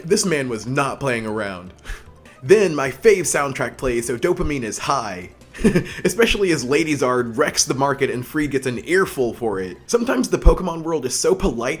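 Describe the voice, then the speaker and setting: A man's voice: medium pitch, breathy edge. A man giving a casual episode review, with wry, joking asides. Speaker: anime reviewer.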